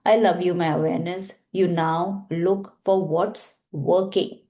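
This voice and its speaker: A woman healer leading a guided practice, reciting affirmations slowly and deliberately, with casual asides to her viewers. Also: fairly low pitch, fairly even intonation, mellow.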